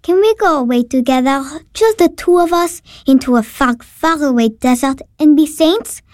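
A woman voicing an eager, devout nine-year-old girl who is impulsive and quick to tears, in an audio drama. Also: high-pitched, no room sound, studio quality, close to an everyday voice. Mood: pleading. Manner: bright, excitable, quick to tears.

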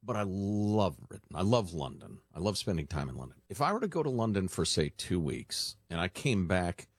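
A man co-hosts a radio talk show, teasing and joking in loose banter. His husky voice swings widely in pitch. The sound is close and dry. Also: sing-song, no echo. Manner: jokey, teasing, quick to laugh. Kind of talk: casual banter.

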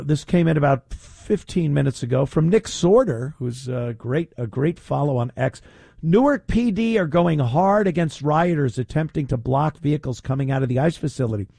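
A man's voice: fairly high pitch, creaky, warm tone, dry recording, clean studio sound. A man hosting talk radio, speaking in a mocking, opinionated way. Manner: mocking, puts on whiny voices to ridicule. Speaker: radio talk show host.

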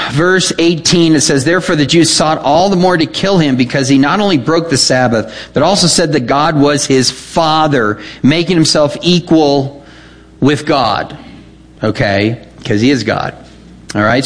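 A man with a somewhat high voice teaches through scripture as a pastor. He is emphatic, repeats himself for stress and often asks his listeners questions. When he reads verses aloud his voice climbs higher. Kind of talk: expository Bible teaching.

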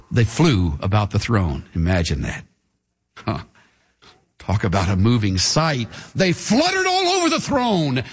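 Man preaching, high lively voice, slow deliberate delivery, husky tone, echoing church hall. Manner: dramatic, leads the congregation in call and response. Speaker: pastor. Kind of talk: sermon. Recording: reverberant hall with faint music.

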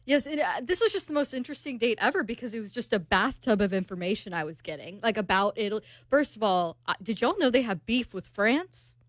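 A woman's voice: a little high, fast talker, hardly any pauses, dry recording, clean studio sound. Chatty young woman radio co-host. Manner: chatty, animated storyteller. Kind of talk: casual chat.

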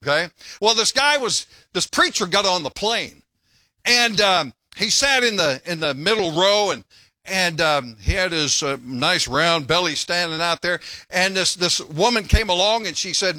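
Older male pastor, folksy sermon voice, high and animated, dry close sound. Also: a little slow, dry recording. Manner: folksy, joking preacher who breaks off to tell stories.

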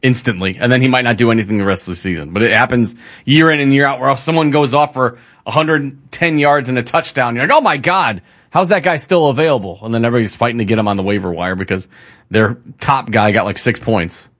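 A man co-hosting a casual sports talk show, relaxed and joking with his partner. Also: mid-range voice, fast talker. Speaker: sports radio co-host.

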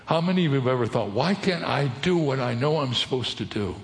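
A pastor preaches a sermon to his congregation in a brisk, steady teaching style, repeatedly asking his listeners questions. His medium-pitched male voice rings through a large hall with long reverb.

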